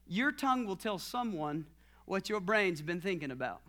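A male pastor delivers a sermon in a high, bright, ringing voice. He builds to shouted declarations, then eases into quiet, nearly whispered teaching with a laugh here and there. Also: big pitch swings, normal speed.

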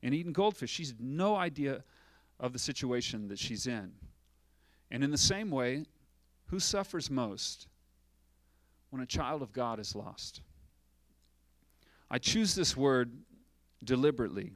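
A man's voice: medium pitch, lively intonation, unhurried, long pauses, dry recording. A man preaching a sermon as pastor, asking rhetorical questions and acting out little dialogues.

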